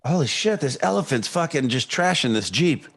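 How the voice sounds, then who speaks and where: A man's voice: on the high side, big pitch swings, normal speed, vocal fry. A man co-hosting a podcast, reacting with short, profane interjections in casual chat. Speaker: podcast co-host.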